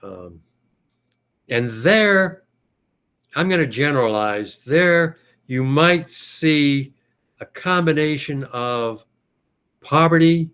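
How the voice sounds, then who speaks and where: A man from the United States hosting a casual video call chat, thinking aloud with many pauses and fillers. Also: fairly high pitch, animated, fairly bright tone, smooth. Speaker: podcast host.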